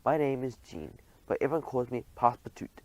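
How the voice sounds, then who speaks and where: A man's voice: mid-range voice, expressive, a little fast, lightly acted, rough recording. A man reads a cheerful young male French mouse butler from a storybook. He talks eagerly and confidently, chatting along in a mid-range voice.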